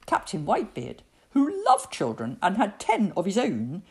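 A woman reading a children's storybook aloud in an expressive storytelling voice. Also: medium pitch, creaky. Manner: expressive, slow, lively storytelling.

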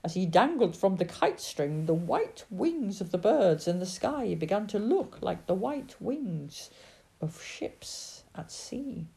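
A woman's voice: mid-range voice, very animated, slow, creaky, mellow. Sing-song woman reading a storybook.

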